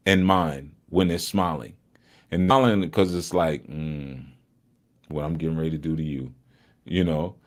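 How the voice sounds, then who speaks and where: A man hosting a live study session in a casual, joking way, laughing often and moving between loud and hushed talk. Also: lowish voice. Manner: teasing, joking with the chat.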